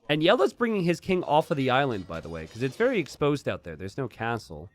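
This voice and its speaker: A man casting a strategy game, chatty and jokey, bursting into excited shouts and laughter. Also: medium pitch, fast. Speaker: game caster. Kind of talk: live strategy game commentary.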